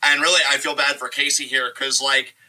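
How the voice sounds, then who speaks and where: A man co-hosting a wrestling review show, rambling in an animated way and swearing often. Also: medium pitch, brisk, low-quality recording. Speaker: podcast co-host. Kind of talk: casual wrestling review chat.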